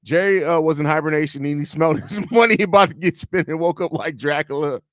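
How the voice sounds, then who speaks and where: A man's voice: on the high side, fast, fairly bright tone, no echo, clean studio sound. A man hosting a live sports podcast, rambling and joking profanely while reading chat aloud. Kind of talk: casual live-stream chat.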